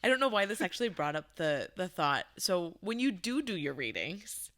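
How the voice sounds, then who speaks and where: A woman's voice: fairly low pitch, very animated, moderate pace, a bit bright. A woman hosting an interview, giggly and effusive as she reacts and asks questions. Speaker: host. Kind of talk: casual interview chat.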